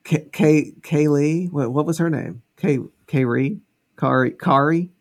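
A man's voice: a little high, a little slow. A man co-hosting a podcast in casual chat, rambling and trailing off mid-thought with many restarts. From American South. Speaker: podcast co-host.

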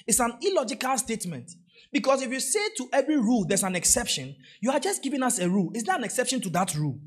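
A man's voice: very high-pitched, big pitch swings, fast, slightly rough. A man preaching a sermon as pastor, hammering key phrases through repetition and drawing the congregation in to repeat and answer.

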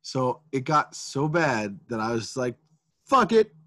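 A man in his thirties co-hosting a podcast, telling a story about his kids and acting out quotes with sudden shouts. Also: mid-range voice, unhurried, no room sound. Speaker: podcast co-host. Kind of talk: casual storytelling.

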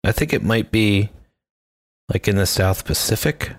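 Low-pitched male co-host; profane, joking, conversational. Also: unhurried. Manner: profane, jokey banter. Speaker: podcast co-host. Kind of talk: casual chat.

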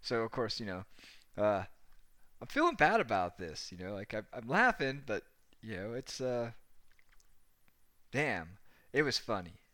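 A young man recounts a rowdy anecdote in loose, rambling fashion, swearing and laughing as he goes. His voice is bright and forceful, recorded dry and close. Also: lowish voice, sing-song, a little slow, pauses often, dry recording. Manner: rambling, profane, laughing often. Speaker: storyteller. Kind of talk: casual anecdote telling.

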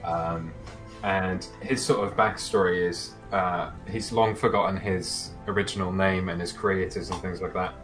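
Male player, lowish voice, halting and filler-heavy, soft music bed. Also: steady tone. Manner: hesitant, many fillers and restarts. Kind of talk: casual chat describing his character.

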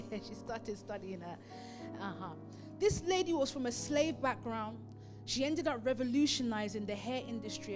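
A woman preaching a sermon, emphatic and building her points through repeated phrases. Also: high-pitched.

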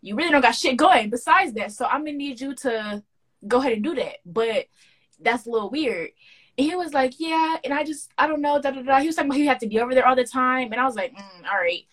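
Slightly high young woman, animated storyteller. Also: fast talker. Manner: animated storyteller, acts out quoted dialogue with slangy banter. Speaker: podcast co-host. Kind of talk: casual podcast chat.

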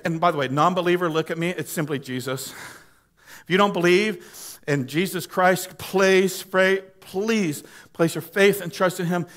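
Man, pastor, preaching in church, high-pitched, impassioned, pleading. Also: a bit bright. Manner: impassioned, pleading, calls for audience responses. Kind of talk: sermon. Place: church sanctuary.

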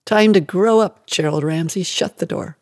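A man voicing a cruel, angry mother who barks harsh commands in a loud, raised voice. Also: high-pitched, normal speed, dry recording, studio quality, lightly acted. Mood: harsh commanding.

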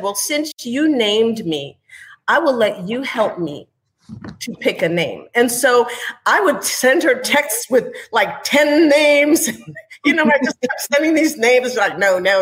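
A woman's voice: fairly high pitch, lively intonation, unhurried, fairly bright tone, poor audio. A woman speaking as a mother, sharing her experience in an earnest, reflective, candid way during a panel conversation.

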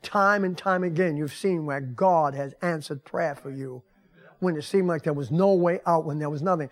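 An older male pastor with a high voice gives a folksy sermon in a church. He talks to the congregation like a conversation, then leans hard into emphasis on key phrases. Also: normal speed. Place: church sanctuary.

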